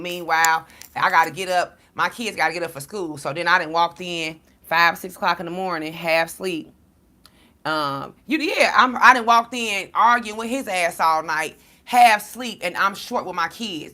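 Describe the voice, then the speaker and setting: A woman's voice: on the low side, moderate pace. A woman giving a casual livestream talk as a spiritual reader, blunt and profane, preaching to her viewers. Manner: animated storytelling to viewers.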